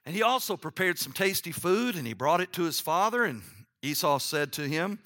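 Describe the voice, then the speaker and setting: A middle-aged man preaching a sermon as pastor, telling family stories and reading scripture aloud, sometimes dropping to a hushed low voice. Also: moderate pace. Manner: animated storytelling with sudden drops to a hushed, low voice; reads scripture aloud, acting out the characters' lines.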